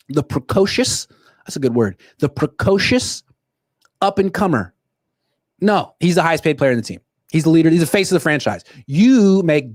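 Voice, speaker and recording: A young man hosting a solo sports show, ranting in animated, quick bursts. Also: fairly high pitch, no echo, studio quality. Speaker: sports podcast host. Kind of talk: solo livestream commentary.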